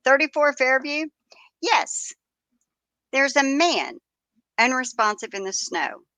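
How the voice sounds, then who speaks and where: A breathless, urgent woman caller pleads for help on an emergency line in a pitch well above her usual voice, as a woman puts her on. She sounds frantic and apologetic. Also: big pitch swings, slow, sharp tone, dry recording, full character voice.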